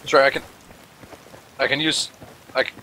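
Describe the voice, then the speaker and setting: A man's voice: mid-range voice, flat delivery, moderate pace, background noise. A man chatting casually with his squad while playing, with dry, sarcastic asides. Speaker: gameplay commentator. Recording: loud gunfire and explosions behind.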